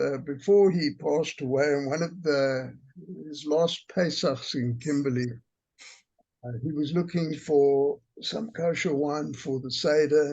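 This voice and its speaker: A man tells a relaxed anecdote over a video call with a husky voice. His pitch sits a little high, and he pauses on fillers as he goes. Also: muffled recording. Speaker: community member. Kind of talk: casual storytelling.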